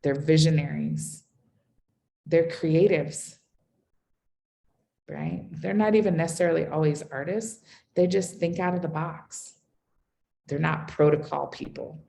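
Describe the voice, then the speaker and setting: A woman's voice: sits low, fairly even intonation, measured pace, vocal fry, pauses often, mellow, a little hiss or hum. A woman counselor giving a casual webinar presentation, chatty and loose, with many fillers.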